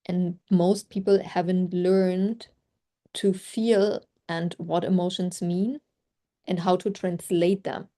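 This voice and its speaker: A woman with a lowish, mellow voice, talking through a video call. She coaches a group in a chatty, reflective way, full of "like" fillers. Her first language is German. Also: fairly even intonation, slow pace. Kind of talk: casual group call talk.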